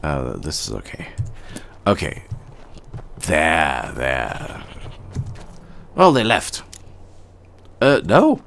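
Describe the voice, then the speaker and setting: Slow-talking man with a deep, swinging voice. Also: wildly swooping pitch, gravelly, fairly bright tone, slight background noise. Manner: wry, sarcastic asides. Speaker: gaming commentator. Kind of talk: casual gameplay commentary.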